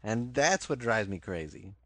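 A man's voice: fairly low pitch, sing-song, unhurried, a little hiss or hum. A man co-hosting a casual podcast chat, making wry, grumbling jokes. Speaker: podcast co-host.

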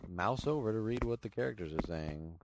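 A man co-hosting a podcast, quick to laugh and teasing, recorded on a dry close mic. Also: fairly low pitch, lively intonation, slight background noise. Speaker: podcast co-host. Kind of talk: casual podcast chat.

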